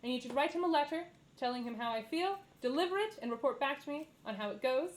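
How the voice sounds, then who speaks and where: A woman's voice: sits high, animated, quick pace, rough recording. Luna, a woman doing a pompous prim tiefling. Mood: confiding. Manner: pompous, condescending, clipped. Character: prim, haughty tiefling woman, self-important.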